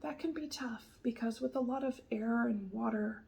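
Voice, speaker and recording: A woman giving a soft-spoken tarot reading, gentle and reassuring, often sliding into a whisper and pausing with fillers. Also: on the high side, vocal fry, rough recording. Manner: hesitant, many fillers and restarts. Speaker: tarot reader.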